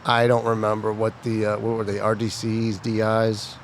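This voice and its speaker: A man in casual podcast chat, telling animated stories and mimicking a shouting drill instructor. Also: fairly low pitch, moderate pace, a little hiss or hum. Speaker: podcast co-host.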